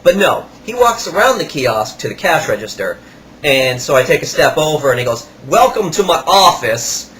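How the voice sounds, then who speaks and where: A man's voice: mid-range voice, expressive, fairly quick, a bit bright, slight background noise. A man hosting a podcast, telling a story in a wry, sarcastic way. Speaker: podcast host. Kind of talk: storytelling monologue.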